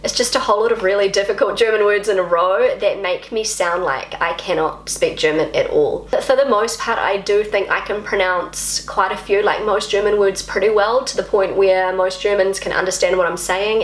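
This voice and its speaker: Talking casually to camera with hardly any pauses, a language vlogger speaks at normal speed in a medium-pitched voice. She's a chatty native English speaker who pokes fun at herself and repeats words while practising, recorded in a roomy space.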